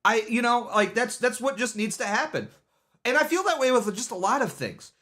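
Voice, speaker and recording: A man talking to his stream audience in a loose, rambling way. He stumbles into restarts and repeats phrases as he goes. His voice swings lively up and down in pitch. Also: normal speed. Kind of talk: casual livestream commentary.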